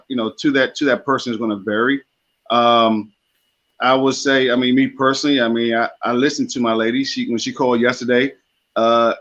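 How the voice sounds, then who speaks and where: A man's voice: medium pitch, a bit bright. Male call-in guest, laid-back and hesitant, dull remote-line sound. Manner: easygoing, hesitant with fillers. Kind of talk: casual advice chat.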